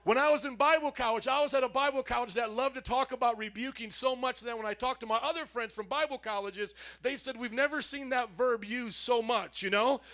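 A man speaking as a pastor, giving a lively, joking sermon introduction in a church and calling on the congregation to answer back. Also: very high-pitched, fairly quick, hardly any pauses. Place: church sanctuary.

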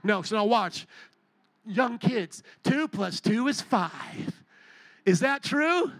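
High-voiced fervent male pastor preaching. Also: expressive, slow pace, fairly bright tone, no echo. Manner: fervent preaching with rhetorical questions to the congregation. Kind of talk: sermon. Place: stage in a large building. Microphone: handheld microphone.

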